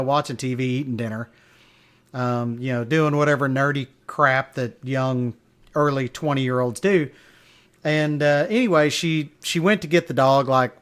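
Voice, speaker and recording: A man's voice: mid-range voice, fairly bright tone. A man hosting a casual podcast monologue, telling stories in a rambling way with chuckles and lots of fillers. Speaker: podcast host.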